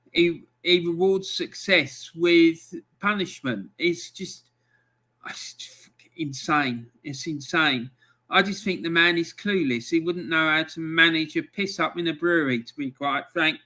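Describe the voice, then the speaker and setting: A man's voice: on the high side, sharp tone. A man hosting a live football fan stream, ranting in angry exasperation about his team's loss. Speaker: fan channel host.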